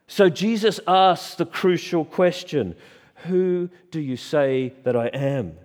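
A man's voice: fairly high pitch, darkish tone, long reverb tail. A man preaching a sermon in a church, stressing key words and asking repeated rhetorical questions. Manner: emphatic, with dramatic pauses and repeated rhetorical questions.

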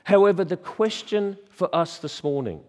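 A man's voice: sits high, animated, a little mellow. Emphatic man preaching in a reverberant church. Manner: emphatic, with dramatic pauses and repeated rhetorical questions. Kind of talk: sermon.

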